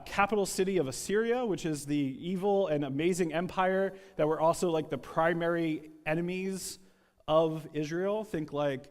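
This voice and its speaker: A man's voice: on the high side, a little mellow. A man preaching a sermon, telling a story with acted-out quotes and some repeated words. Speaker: pastor. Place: church sanctuary. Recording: long reverb of a church hall.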